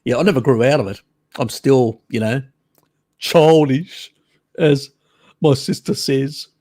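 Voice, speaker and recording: A man's voice: mid-range voice, a little slow, darkish tone. A man hosting a casual live stream, chatting with viewers in a teasing, cheeky way and laughing often.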